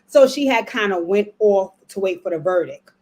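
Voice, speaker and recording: A woman's voice: medium pitch, animated, moderate pace, a little mellow. A woman in casual vlog commentary, reviewing a documentary in a chatty, emotional way, repeating words for emphasis and cursing freely.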